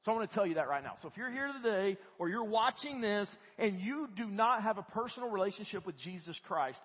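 A man preaching a lively, conversational sermon in a church and acting out what people say. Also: sits high, fast talker, slightly rough. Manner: animated, conversational, acts out quoted voices. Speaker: guest preacher. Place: church sanctuary. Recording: dull lo-fi audio with long church reverb.

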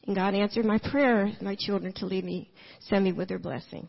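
A middle-aged woman giving a church testimony, storytelling with animated quotes and frequent laughter. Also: mid-range voice, brisk, vocal fry, husky. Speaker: guest speaker giving a testimony. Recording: muffled lo-fi church recording.

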